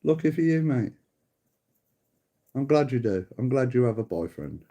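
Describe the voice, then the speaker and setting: A man's voice: mid-range voice, big pitch swings, moderate pace, mellow. A middle-aged man hosting a livestream, casually bickering and swearing at a viewer, calling him mate. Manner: bickering, sweary, mocking, calls people mate. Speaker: livestream host.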